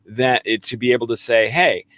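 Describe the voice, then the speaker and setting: Casting: male co-host, mid pitch, earnest explainer of self-help ideas, dry close sound. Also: normal speed, dry recording. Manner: earnest, explanatory, acts out inner dialogue. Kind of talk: spiritual self-help conversation.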